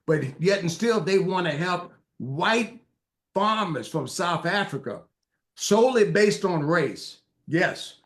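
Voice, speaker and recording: A man's voice: sits high, expressive, takes it slowly, fairly bright tone. A man who is a guest on a radio interview, speaking emphatically with repeated phrases and some stammering. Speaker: guest, farmer advocate.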